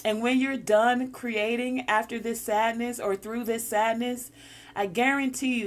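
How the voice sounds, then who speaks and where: A woman's voice: fairly high pitch, fairly even intonation, unhurried. A woman giving a spiritual encouragement talk, coaching listeners through breathing exercises. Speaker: spiritual guide.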